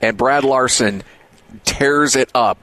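A man hosting a sports radio show in casual chat, relaxed and agreeing. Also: medium pitch, takes it slowly, rough recording.

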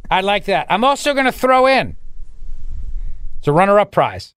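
A man's voice: high-pitched, very animated, a little slow, fairly bright tone, clear, resonant tone, no room sound, clean studio sound. A male radio talk show host bantering sarcastically, rambling and laughing at his own jokes. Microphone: studio microphone.

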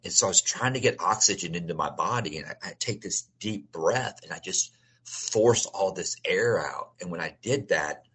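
A middle-aged man speaks as an interview guest in a low, husky voice with a bright, forceful edge. He tells his own story earnestly and keeps restarting and repeating his phrases as he goes. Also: animated, normal speed. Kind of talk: personal testimony in a conversational interview.

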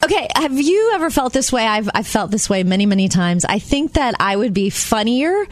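A woman's voice: on the high side, big pitch swings, a little fast, no room sound. Chatty woman co-hosting, dry studio sound. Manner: chatty, laughs often, storytelling. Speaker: radio show co-host. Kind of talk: casual morning show banter.

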